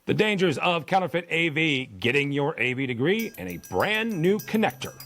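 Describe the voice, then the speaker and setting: A man hosting a podcast, reading industry news in a steady scripted delivery. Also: a little high, normal speed, soft background music. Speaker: host.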